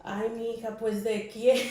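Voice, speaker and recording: A woman chats casually as a podcast co-host, telling a personal story and mixing English and Spanish as she goes. Her voice sits at a middle pitch. It is recorded in a very echoey room. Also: a little mellow, distant mic, slight background noise. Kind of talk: casual chat.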